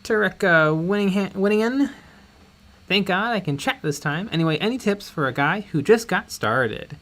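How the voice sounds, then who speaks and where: A man's voice: high voice, expressive, moderate pace, a bit bright. A man co-hosting a casual painting stream, joking and reading viewer questions aloud. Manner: joking, reads chat names aloud. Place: home studio while painting.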